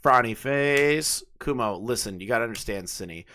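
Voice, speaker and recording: With slight background noise behind him, a late-20s commentary host reads out messages and scoffs at them with crude, unbelieving asides. His medium-pitched voice is sharp with lively intonation, delivered at a moderate pace.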